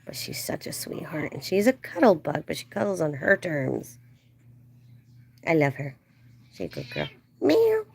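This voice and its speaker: Low-voiced woman telling a chatty story. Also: huge pitch swings, normal speed, vocal fry, long pauses, husky. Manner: chatty, acts out quoted voices in a high playful tone. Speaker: livestream host. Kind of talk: casual storytelling chat.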